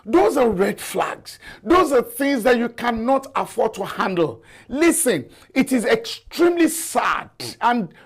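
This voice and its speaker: High-voiced, slow, impassioned male host. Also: very animated, husky. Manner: impassioned and lecturing; repeats words for emphasis. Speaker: talk show host. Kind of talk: live call-in show monologue.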